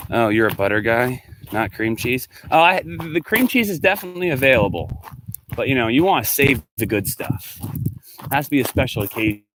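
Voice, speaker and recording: A man's voice: mid-range voice, very animated, normal speed, fairly bright tone, slight background noise. A male teacher talking casually to his students, rambling as he answers their comments one by one.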